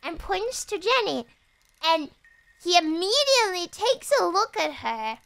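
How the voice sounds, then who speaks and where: A high, bright woman's voice telling a story on a stream, quick to laugh and to shriek. She swears freely and keeps the telling animated. Faint music plays underneath. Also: vocal fry.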